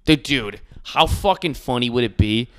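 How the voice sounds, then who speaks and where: A man's voice: medium pitch, expressive, moderate pace, fairly bright tone, clear, resonant tone, no echo, studio quality. A young man co-hosting a casual comedy podcast, crude and joking, swearing and laughing often. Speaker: podcast co-host.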